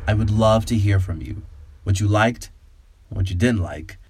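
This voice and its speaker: A man hosting a podcast and narrating a story in a calm, measured, soothing way. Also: on the low side, noisy background. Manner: calm, slow, soothing guided-imagery delivery.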